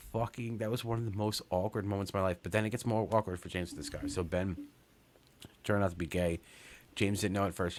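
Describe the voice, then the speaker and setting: A New man in his thirties tells a long story on his podcast. His voice sits very low and stays casual. He rambles, restarts his sentences, and swears all the way through. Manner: rambling, profane, lots of fillers and restarts. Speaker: podcast host.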